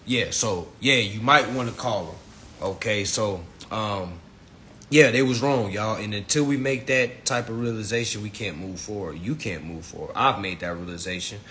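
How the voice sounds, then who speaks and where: A man ranting in on a phone livestream, swearing and swinging between shouting and low muttering. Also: normal speed, a little hiss or hum. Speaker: social media lecturer. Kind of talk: ranting Instagram live talk.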